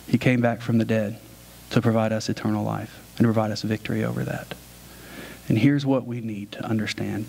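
A male pastor delivering a sermon with a mid-range voice. He tells the story in relaxed, everyday phrasing, like talking to friends, and then slows into plain, earnest teaching. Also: mid-range voice. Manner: casual conversational storytelling.

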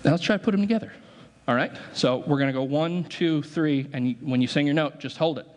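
A man's voice: on the high side, brisk, darkish tone. A man preaching as pastor, joking with the congregation while directing a group singing exercise in a church. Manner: playful, joking, directing the crowd. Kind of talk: sermon leading a congregation exercise. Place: church sanctuary.

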